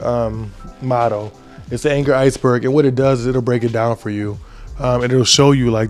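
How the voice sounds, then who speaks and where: With a mid-range, a little mellow voice, a young man in his twenties delivers a relaxed motivational podcast talk, often tossing in "right?" to check on listeners.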